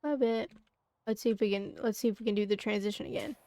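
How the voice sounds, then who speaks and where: A woman's voice: mid-range voice, fast, warm tone. A woman streaming a game, chatting casually and muttering to herself as she plays. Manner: mutters to herself while playing.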